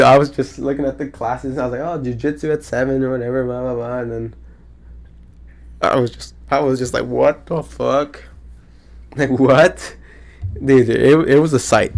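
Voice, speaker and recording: A man's voice: medium pitch, creaky. Solo podcast host, male, about twenty, hyped and rambling, heavy slang and cursing. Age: around 20. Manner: excitable, slangy, swears a lot, rambling. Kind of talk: casual solo podcast chat.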